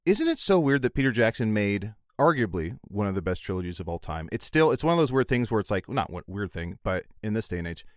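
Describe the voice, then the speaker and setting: Animated man with a lively voice. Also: lowish voice, quick pace, hardly any pauses, no room sound, studio quality. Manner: animated, playful storytelling. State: tipsy. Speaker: podcast guest. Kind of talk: casual chat.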